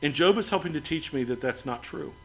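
A man preaching a sermon as pastor, earnest, building to emphatic lines and then dropping soft and quiet. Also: fairly high pitch, animated, fairly quick, low-quality recording.

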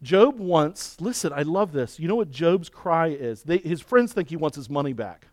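Guy preaching a sermon, kinda high voice, gets loud then goes real soft, dry sound. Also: lively intonation, normal speed, hardly any pauses, no room sound. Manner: dynamic preaching, climbing loud and high then dropping to soft, intimate confession. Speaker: pastor.

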